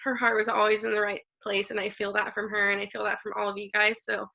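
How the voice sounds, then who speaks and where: A woman's voice: mid-range voice, flat delivery, quick pace, creaky, bright, forceful tone. A woman in her thirties on a video call, sharing memories at a memorial and laughing through her tears.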